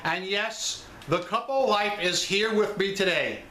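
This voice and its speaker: A man's voice: high voice, unhurried, sharp tone, reverberant, slight background noise. New York man, emphatic seller chat. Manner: blunt, emphatic, talks straight to viewers. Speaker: online seller vlogger. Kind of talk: casual chat.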